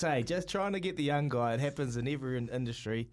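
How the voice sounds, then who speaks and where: A man's voice: medium pitch, animated, quick pace. A man with a New Zealand accent co-hosting a radio show, joking around and laughing a lot, calling everyone mate and bro. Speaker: radio co-host. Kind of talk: casual studio banter.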